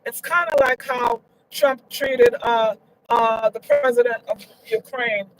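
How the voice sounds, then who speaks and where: A woman's voice: a little high, slow pace, rough recording. A woman giving her opinions in a casual vlog, emphatic and repetitive, her voice leaping up when she gets indignant. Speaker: vlogger.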